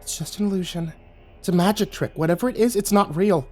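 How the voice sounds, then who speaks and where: A man's voice: extremely high pitch, animated, moderate pace, soft background music, pitched above the performer's own voice. A man voicing a determined young woman who talks urgently and intensely. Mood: fierce.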